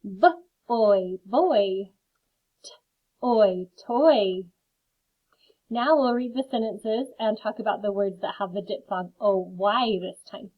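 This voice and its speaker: Woman, phonics teacher, slow deliberate pace, tinny phone-like sound. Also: medium pitch. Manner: slow, carefully sounds out words; friendly, chatty asides. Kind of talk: phonics lesson for children. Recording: phone-like lo-fi audio.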